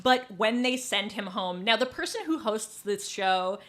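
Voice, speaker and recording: A woman co-hosting a comedy podcast in casual chat, deadpan, acting out quotes. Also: medium pitch, a little slow. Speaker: podcast co-host.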